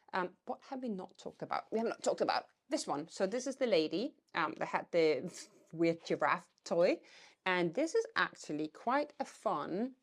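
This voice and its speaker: Chatty woman thinking aloud. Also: lowish voice. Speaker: vintage reseller vlogger. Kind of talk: casual vlog chat.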